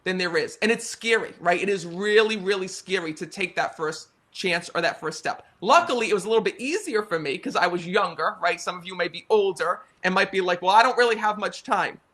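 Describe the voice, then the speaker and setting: An American man in his thirties tells stories with earnest, animated energy. His voice sits high and sounds bright and forceful. He keeps pulling the audience in with "right?" and "you know.". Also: brisk, hardly any pauses. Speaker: psychic medium guest. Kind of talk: casual storytelling conversation.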